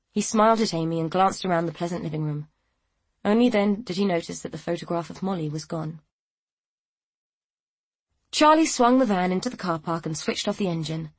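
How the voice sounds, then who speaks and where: A woman reading a novel aloud in a measured, even storytelling manner. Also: fairly low pitch, slightly rough, dry recording. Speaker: audiobook narrator. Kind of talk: scripted narration.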